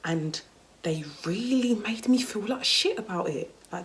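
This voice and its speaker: A woman's voice: on the low side, animated, normal speed. A young woman vlogging a casual story time, candid and chatty, with lots of "like" and "you know" and some swearing. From United Kingdom.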